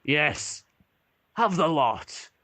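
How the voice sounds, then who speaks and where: A man voicing a big, red-bearded male dwarf barkeep in an online tabletop game, with a slow, gruff drawl. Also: on the high side, sing-song, bright, forceful tone, dry recording, voice pushed up, heavily acted. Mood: hearty.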